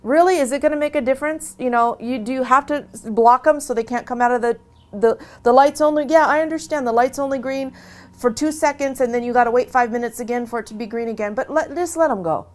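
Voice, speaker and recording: A woman speaking in a long interview, talking earnestly about her own experience in a lively, conversational way and often restarting her phrases. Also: fast. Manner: earnest and animated, with lively swings in pitch. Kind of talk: long-form interview, casual personal talk.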